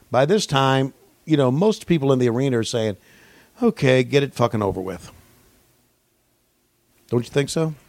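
A man co-hosting a podcast, riffing a profane mock play-by-play that swings from low mumbling to yelled excitement. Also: no echo. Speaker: podcast co-host.

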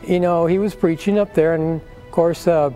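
A man's voice: fairly high pitch, fairly even intonation, moderate pace, warm tone, soft background music. An older man giving an earnest personal faith testimony, acting out the voices of people in his story.

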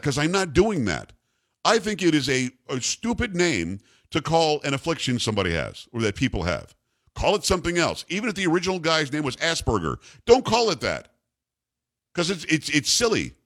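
Older male radio host, blunt and combative, jokey, very animated delivery. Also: on the high side. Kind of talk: opinionated talk radio rant.

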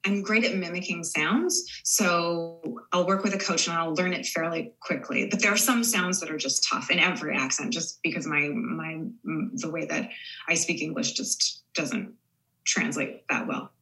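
Woman in her 40s chatting on a podcast, bright voice, lots of um and like. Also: on the low side, normal speed, rough recording. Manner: chatty, thoughtful, many fillers and restarts. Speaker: actress guest. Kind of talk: casual podcast interview.

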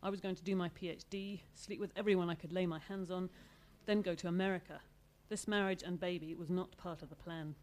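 A woman's voice: on the low side, steady tone, brisk, hardly any pauses, a little mellow, natural voice. Woman reading an awkward young man, hesitant and defensive.

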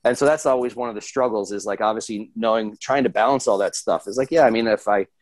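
A man's voice: fairly low pitch, quick pace, dry recording, rough recording. A man speaking as a fitness coach guest in a casual podcast interview, candid and rambling, swearing freely and laughing at himself. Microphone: video call.

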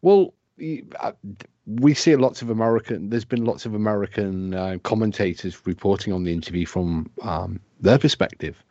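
A man's voice: lowish voice, dark tone, no echo, highs cut off. Dry-humoured British male co-host. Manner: dry, measured, hesitant. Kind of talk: casual podcast chat.

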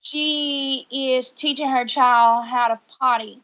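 A woman with a high voice chats on a podcast, talking in an animated and indignant way and climbing higher whenever she presses a point. The recording sounds dull and lo-fi, with the top end rolled off. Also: takes it slowly, dry recording. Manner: animated, indignant, rising sharply when making a point. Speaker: podcast co-host. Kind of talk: casual chat.

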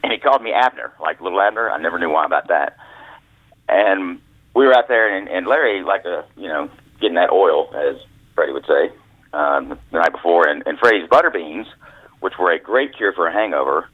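This former caddy and author rambles through folksy tales with restarts as a guest on a storytelling phone interview, his low, expressive voice going a little fast. The telephone sound is tinny and dry, with no echo.

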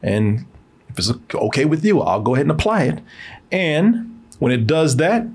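A man's voice: on the high side, big pitch swings, normal speed, a little mellow, breathy edge. A man hosting a casual online show, chuckling easily and talking straight to his viewers while reading a sponsor message. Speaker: host. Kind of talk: casual chat and sponsor read.

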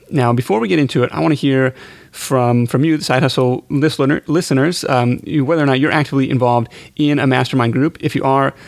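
A man's voice: mid-range voice, creaky, dry recording. Chatty man hosting a podcast. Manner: chatty, self-deprecating, lots of fillers. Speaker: podcast host. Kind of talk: casual podcast chat.

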